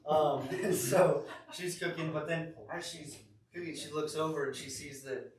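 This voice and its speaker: A man's voice: fairly high pitch, fairly even intonation, unhurried. A young man leading a youth group sermon in a church room, chatty and rambling with many self-corrections. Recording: echoey room, distant mic.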